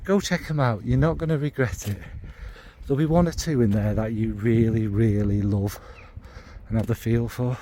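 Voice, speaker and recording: Northern english bloke doing a chatty review, mellow warm voice, rambles and hunts for words, bit blunt, faint hiss behind. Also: male voice, medium pitch, moderate pace. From Northern England. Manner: meandering, searching for descriptive words; blunt, with occasional swearing. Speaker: fragrance reviewer. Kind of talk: casual spoken review.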